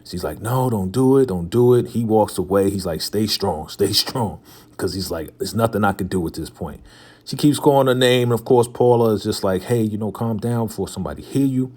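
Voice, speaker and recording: Fairly quick and darkish in tone, this young TV recap host's low voice walks through a drama episode in a relaxed way, quoting characters in loose paraphrase and letting out the occasional chuckle.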